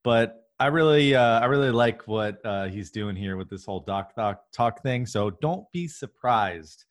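A man's voice: on the low side, expressive, unhurried. A man hosting a podcast in casual chat, rambling with restarts and chuckles. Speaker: podcast host.

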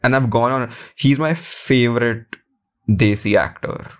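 A man's voice: mid-range voice, a little slow. A man co-hosting a podcast, giving frank, opinionated film criticism in casual chat. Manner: frank, opinionated, with frequent fillers.

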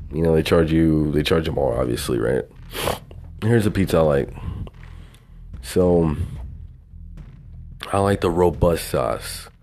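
A young man with a Southern twang talks alone into his podcast mic in a loose, meandering way. His voice sits very low, and he peppers his talk with swearing and chuckles at his own stories. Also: a little mellow. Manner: rambling, swears often, laughs at himself. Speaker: podcast host. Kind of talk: casual solo podcast monologue.

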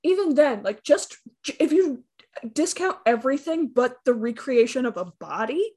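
Higher-voiced woman critiquing a film. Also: lively intonation, normal speed, a little mellow, breathy edge. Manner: critical, picks apart plot points. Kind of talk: casual film discussion.

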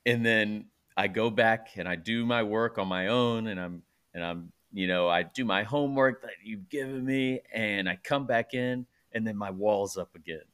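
Casting note: laid-back male host, low voice, opens up. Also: moderate pace, hardly any pauses, smooth. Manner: relaxed, says bro, open about himself. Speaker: podcast host. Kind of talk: casual chat.

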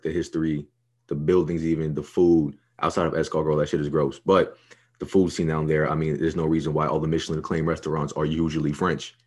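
With a rumbling low, darkish voice, this young podcast co-host from New York talks up his picks in casual banter. He is profane, hyped, and full of swagger.

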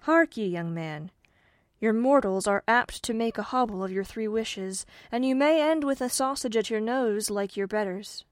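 A woman's voice: a little high, moderate pace, no room sound, clean studio sound, natural voice. A woman voicing Dame Fortune, a sly, teasing female spirit, coaxing and playful in a storybook reading.

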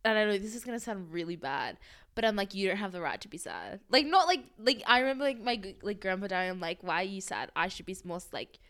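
A young woman in casual conversation, her voice sitting at an ordinary middle pitch. She rambles in a loose, chatty way, leaning on "like" and breaking into laughter easily. It sounds like an unscripted catch-up between friends. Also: sing-song, quick pace, a bit bright. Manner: chatty, heavy use of "like", laughing often. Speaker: podcast co-host. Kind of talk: casual chat.

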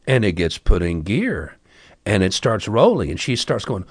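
A man's voice: lowish voice, sing-song, normal speed, husky, no echo. A man telling a story casually, wry and chatty with asides to the listener.

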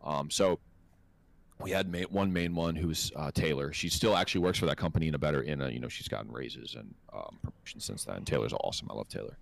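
Low-voiced profane podcast host. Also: male voice, fast talker, creaky. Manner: profane, rambling, animated when quoting others. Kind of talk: casual storytelling chat.

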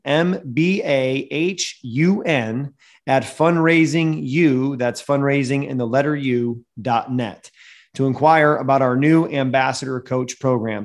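A man hosting a coaching podcast, talking in an energetic, emphatic coaching manner and reading a sponsor message. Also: mid-range voice. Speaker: host and mental performance coach.

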